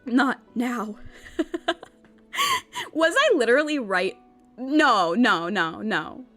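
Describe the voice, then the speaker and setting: Taking it slowly and pausing often, a young woman with a fairly high, bright voice and lively intonation streams a visual novel over faint background music. She reads the game's text aloud and reacts with incredulous exasperation, repeating words and rambling.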